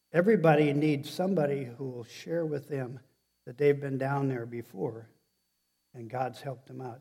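This male pastor's medium-pitched voice is dark and husky, with fairly even intonation. His sermon comes out halting and conversational, as he keeps restarting sentences and asking the congregation questions.

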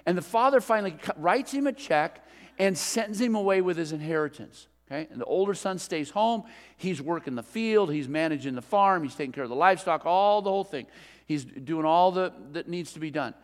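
A middle-aged man preaching a sermon as a pastor, telling a story in a relaxed, conversational way. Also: a little high, fairly quick. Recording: long reverb of a large hall.

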